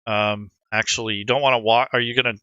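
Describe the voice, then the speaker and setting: Guy running a tabletop game online, super bright voice, dry close mic, kinda rambly. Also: mid-range voice, fast talker, dry recording, dull audio. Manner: relaxed, rambling narration with fillers and asides. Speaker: game master. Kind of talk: narrating a tabletop game, explaining the rules.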